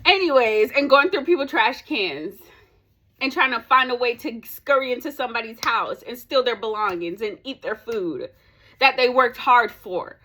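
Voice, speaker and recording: A young woman vlogger telling a story in casual chat, animated and ranting, laughing between lines. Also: a little high, normal speed.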